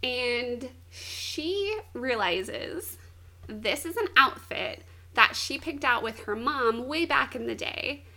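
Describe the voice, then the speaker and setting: Young woman with a high voice, chatty and giggly, recapping a story in casual talk. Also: slow pace, creaky. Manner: animated storytelling, frequent "like", giggly. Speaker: co-host recapping an anime. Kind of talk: casual chat.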